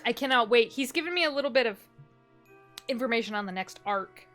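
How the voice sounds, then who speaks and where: A woman chats loosely at the end of a live stream, quick to laugh and swear. Her voice sits high and bright. Faint music plays in the background. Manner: chatty and excitable, laughs often, swears casually. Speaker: streamer and game master. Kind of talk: casual stream sign-off chat.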